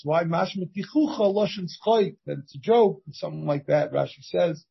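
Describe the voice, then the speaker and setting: A man's voice: high voice, lively intonation, moderate pace, vocal fry, slightly rough, dull audio. A man teaching a Talmud class as the rabbi, reading the text aloud and translating it line by line, often restarting his phrases. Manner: reads Hebrew and Aramaic text and translates it, with many restarts.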